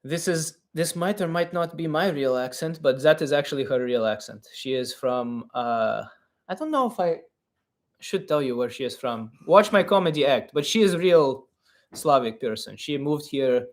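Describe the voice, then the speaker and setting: A man in his thirties hosts a live comedic advice stream, with a fairly high voice. He keeps a deadpan persona with broken English. His delivery rambles, full of fillers and restarts. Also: moderate pace.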